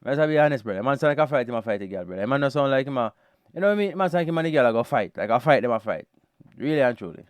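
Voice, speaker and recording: A Jamaican man reviews a song in casual, animated talk, calling the listener brother again and again. His voice is smooth and resonant, and the sound is dry and close. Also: medium pitch, rapid-fire, no room sound. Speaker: reaction podcast host. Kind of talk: casual music review commentary.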